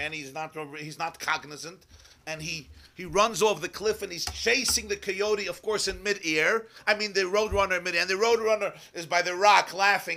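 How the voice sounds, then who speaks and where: A man teaching a Chassidic Torah class. He tells his stories with animation, weaving in Hebrew and Yiddish terms and checking in with listeners along the way. His voice sits a little high and rings bright and forceful. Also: moderate pace. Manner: checks in with listeners, asking "yeah?".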